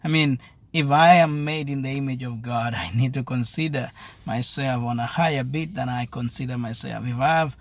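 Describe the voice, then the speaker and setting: A man's voice: mid-range voice, moderate pace, dry recording. A man giving a devotional sermon with earnest, repetitive exhortation. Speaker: preacher.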